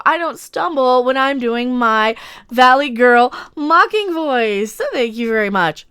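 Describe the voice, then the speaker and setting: A woman with a high, smooth and clear voice rambles through casual opinion commentary. She is sarcastic and opinionated, talking to her viewers as an online commentator. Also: lively intonation, measured pace, a bit bright.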